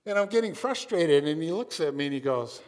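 A fairly high, expressive male voice moves at a fairly quick pace as a Minnesota pastor delivers his sermon. His storytelling is conversational, frequently punctuated by "right?", with long hall reverb on the recording.

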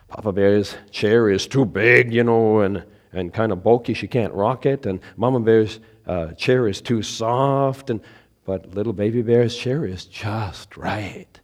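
A man preaching as a pastor at an evening church service, his voice hoarse from laryngitis, telling a story in a conversational way and building emphasis on key points. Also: lowish voice, moderate pace, mellow. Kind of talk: sermon with a children's story.

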